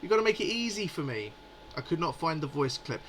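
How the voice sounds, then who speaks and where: A man's voice: on the high side, very animated, fairly quick, a bit bright, slight background noise, rough recording. A man in his forties hosting a live stream, chatting in a rambling, amused way. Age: 40s. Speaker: livestream host. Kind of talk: casual live chat.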